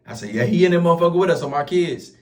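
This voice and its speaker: Fast-talking man with a drawl. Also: a little high. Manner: slangy, repeats oaths and fillers, animated retelling. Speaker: vlogger telling a prison story. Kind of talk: casual storytelling to camera.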